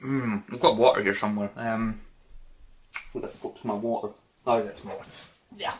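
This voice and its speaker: A man's voice: on the low side, steady tone, moderate pace, a little hiss or hum. A man hosting a casual Q&A vlog, rambling and hesitant with many fillers and restarts. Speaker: YouTube gaming channel host.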